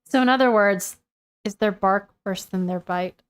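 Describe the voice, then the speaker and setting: A woman's voice: medium pitch, moderate pace, clean tone. A woman chatting casually and teasing while reacting to a story being read aloud. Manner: playful, teasing interjections. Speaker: co-host reacting to a story reading. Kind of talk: casual chat.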